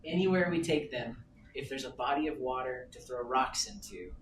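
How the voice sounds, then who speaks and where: A man's voice: medium pitch, normal speed. Man telling a story in an echoey room. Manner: animated, self-amused storytelling. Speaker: presenter at a sales meeting. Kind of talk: casual storytelling talk. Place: meeting room. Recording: roomy, distant, noisy meeting room.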